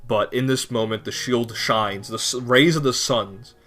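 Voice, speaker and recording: A man's voice: medium pitch, a little slow, fairly bright tone, soft background music. A man narrating a tabletop game as game master, in a loose, searching way.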